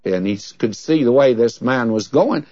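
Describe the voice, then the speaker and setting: A man's voice: medium pitch, animated, normal speed, darkish tone, no room sound, lo-fi sound. An older man preaching a sermon, telling a story and leaning hard on key words.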